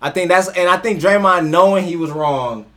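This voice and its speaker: A man's voice: sits high, normal speed, bright, forceful tone. A man in a casual sports debate, conciliatory and hesitant, often restarting his sentences.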